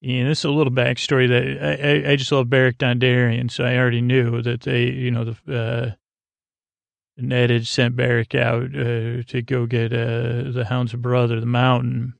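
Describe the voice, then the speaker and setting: Gravelly-voiced man recapping casually. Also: mid-range voice, completely flat delivery, normal speed, no echo. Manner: rambling, loose paraphrase with many fillers. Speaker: podcast host recapping a TV episode.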